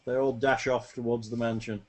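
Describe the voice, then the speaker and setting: A man running a tabletop game as game master, narrating events in a brisk, matter-of-fact way over online voice chat. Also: medium pitch, little pitch movement, darkish tone.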